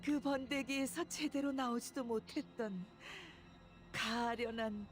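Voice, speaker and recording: A woman's voice: fairly high pitch, rapid-fire, soft background music, close to an everyday voice. An actress voicing a contemptuous young woman in a game, mocking an insect-like foe in a sneering tone. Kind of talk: game voice acting.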